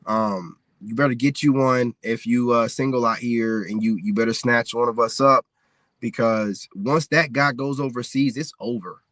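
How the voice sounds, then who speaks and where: A man's voice: medium pitch, fairly even intonation, moderate pace, fairly bright tone, no room sound, clean studio sound. An American man ranting candidly on a livestream, rambling and peppering his talk with "man" and "you know what I'm saying.". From United States. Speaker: livestreaming content creator. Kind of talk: casual livestream rant.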